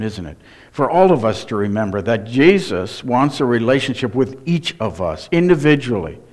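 A male pastor delivers a sermon unhurriedly, his voice at an ordinary middle pitch. He speaks earnestly and with emphasis, repeatedly turning to his listeners with direct questions.

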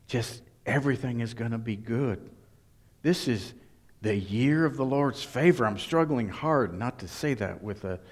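A man preaching a sermon, emphatic and deliberate, now and then voicing what the crowd thinks. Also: mid-range voice. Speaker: pastor.

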